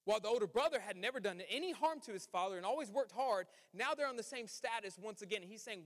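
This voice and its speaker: A male pastor with a high voice preaches in a church, and his voice rings through a long hall reverb. He talks informally, drops in slang asides and acts out the lines of biblical characters as he teaches. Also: expressive, quick pace, hardly any pauses, fairly bright tone. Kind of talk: sermon. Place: church sanctuary.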